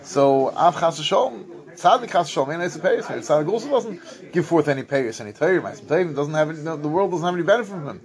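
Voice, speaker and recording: A man giving a Talmud lesson, reading Aramaic passages and translating them in a sing-song study cadence with halting restarts. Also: a little high, lively intonation. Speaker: Talmud teacher.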